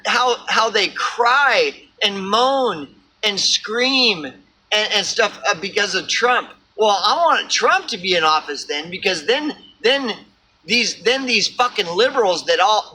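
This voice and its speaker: A man's voice: high-pitched, pushed and bright, a little hiss or hum, poor audio. A homeless man ranting to camera, swearing often and stumbling over repeated words. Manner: profane, rambling, repeats words. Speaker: vlogger. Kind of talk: ranting monologue.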